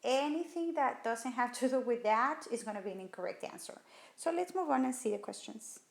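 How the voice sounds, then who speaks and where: A woman teacher talking through writing test questions in a recorded lesson, thinking aloud and rereading sentences slowly. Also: fairly high pitch, expressive, creaky. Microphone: tablet whiteboard screen recording.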